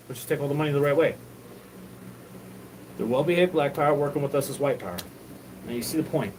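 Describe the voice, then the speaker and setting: A man's voice: on the high side, noisy background. Rambling profane man, far from the mic. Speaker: show host. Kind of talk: rambling solo monologue.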